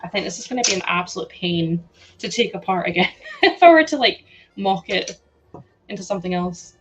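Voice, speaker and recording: A woman's voice: on the low side, fairly quick, fairly bright tone, slight background noise, poor audio. A young woman with a sore throat, chatting casually and giggling on a livestream while she builds, talking into a headset at home. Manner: chatty, giggly, reacts to chat aloud. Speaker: livestream host.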